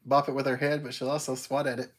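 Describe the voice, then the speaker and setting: A man's voice: medium pitch, level tone, fast, a loud crowd. A man co-hosting a casual livestream from home. He rambles in an easygoing way and chuckles often as he chats. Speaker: livestream co-host. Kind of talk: casual chat. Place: porch at home.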